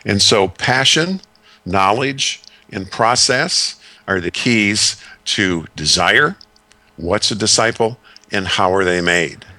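A man in his sixties, a discipleship consultant, telling stories and giving advice in a measured, folksy way with many fillers. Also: fairly low pitch, animated, bright, forceful tone, no room sound. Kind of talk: radio talk segment.

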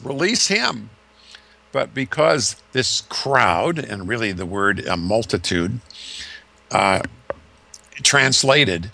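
Gravelly, bright-toned male preacher. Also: medium pitch. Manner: vivid, dramatic retelling with shifting emphasis. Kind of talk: storytelling sermon.

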